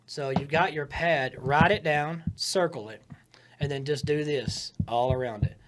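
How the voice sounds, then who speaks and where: Animated man coaching comedy writing. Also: fairly high pitch, measured pace, noisy background. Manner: animated, coaching, emphatic with playful voice changes. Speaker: comedian giving writing advice. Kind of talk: casual podcast chat.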